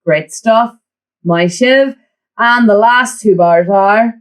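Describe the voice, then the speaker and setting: A woman teaching a flute lesson, giving tips and counting the student in with steady encouragement. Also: medium pitch, slow, low-quality recording. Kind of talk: online music lesson.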